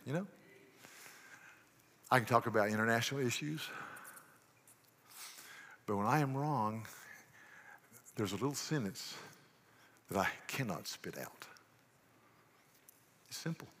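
Man, pastor preaching, low voice, husky, long church reverb. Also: moderate pace, pauses often, a bit bright. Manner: earnest, rhetorical questions, frequent restarts. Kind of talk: sermon.

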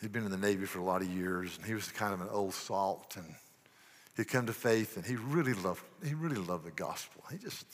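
A man's voice: low voice, brisk. A man preaching a sermon as pastor, earnest, asking rhetorical questions and often restarting his sentences. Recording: long church reverb.

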